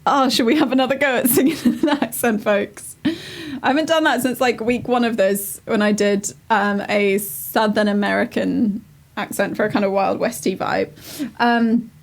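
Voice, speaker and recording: Chatty woman streamer, rather high voice. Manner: chatty, rambling and self-deprecating. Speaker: streamer improvising songs. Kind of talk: casual live-stream chat.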